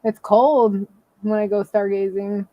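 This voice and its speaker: A woman chatting as a podcast co-host, giggly and rambling. Her voice sits in a middle pitch, and her talk is casual and loose. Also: fairly even intonation, unhurried, warm tone, no echo. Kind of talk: casual chat.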